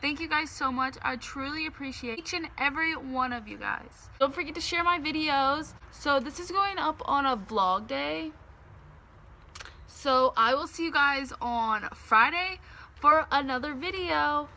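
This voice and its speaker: Telling her vlog viewers a story, a young woman chats casually and keeps saying "like" and "okay." Her high voice is sharp and unhurried, and the recording carries a little hiss or hum.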